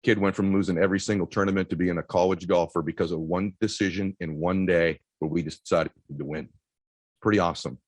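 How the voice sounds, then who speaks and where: A husky-voiced man in his forties delivers a motivational talk from an event stage. His voice sits low and sounds dry and close. He talks fast and with energy, and shouts when the story peaks. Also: no room sound. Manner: energetic, rapid-fire, shouting at high points. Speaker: motivational keynote speaker. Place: event stage before a live audience.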